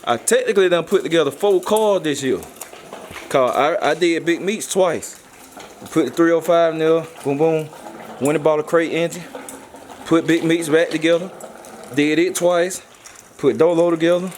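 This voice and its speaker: A man's voice: on the high side, normal speed, slight background noise. A young man, talking casually to the camera about his car projects, laid-back and repetitive, full of slang and hype. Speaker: car vlogger. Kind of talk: casual vlog talk.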